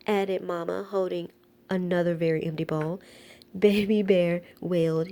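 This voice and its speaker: A woman reading a children's picture book aloud in a playful, expressive way. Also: lowish voice, moderate pace. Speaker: storyteller.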